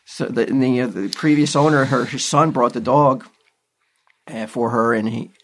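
A man's voice: medium pitch, normal speed, slight background noise. A man telling a story in casual chat, swearing a lot and acting out what others said. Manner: animated storyteller, swears often, acts out quotes.

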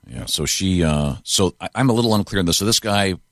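A man with a very low voice hosts a radio morning show. His pitch rises and falls a lot, and he jokes around in a loose, chuckling way, full of fillers and restarts. The studio sound is close and dry. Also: expressive, quick pace, fairly bright tone, no room sound. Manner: joking, chuckles often, trails off with fillers. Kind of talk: casual morning-show banter.

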